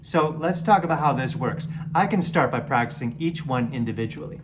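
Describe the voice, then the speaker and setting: A man's voice: medium pitch, expressive, fairly quick, noisy background. A man giving a casual guitar lesson, explaining an exercise and counting beats aloud as he plays. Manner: counts beats and chants "triplet" loudly over playing. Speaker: guitar teacher. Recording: guitar playing under the voice.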